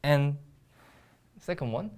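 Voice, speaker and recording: A woman's voice: sits low, lively intonation, slow, darkish tone. A woman with a Korean accent teaching a Korean grammar lesson in English, explaining step by step with frequent ums and restarts.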